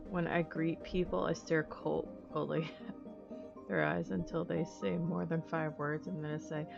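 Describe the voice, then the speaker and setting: A woman's voice: low voice, flat delivery, unhurried, gravelly. An American woman live-streaming, chatting casually with her viewers in a candid, profane, self-mocking way. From United States. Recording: dull lo-fi stream audio. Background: faint music.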